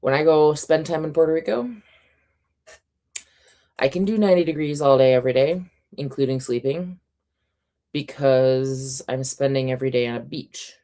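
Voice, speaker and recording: Chatty woman host on a reading stream, low warm voice, kinda scratchy and sore. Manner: chatty, reads out chat comments, laughs often. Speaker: reading sprint livestream host. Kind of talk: casual livestream chat.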